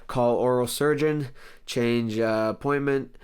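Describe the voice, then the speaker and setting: A man with a hoarse, worn voice rambles through a comedic talk-show monologue in a sarcastic, deadpan way. His voice sits at a middle pitch, and he keeps stopping to clear his throat. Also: slow pace. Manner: sarcastic, rambling, deadpan jokes with mock outbursts. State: hoarse, lost voice. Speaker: host.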